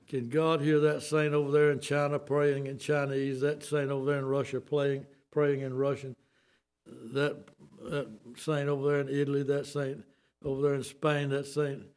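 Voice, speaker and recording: An older man with a Southern US accent preaching a sermon, folksy and emphatic, with homespun asides. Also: mid-range voice.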